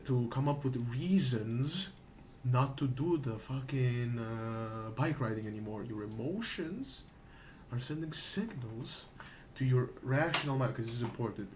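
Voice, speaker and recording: A man talking through an idea in a loose, rambling way, swearing freely and repeating himself as he checks in with his listener. His voice sits at a middling pitch, with a faint hiss of noise behind it. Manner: profane, repetitive, checks in with "okay?". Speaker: gaming streamer. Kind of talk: casual explanatory rant.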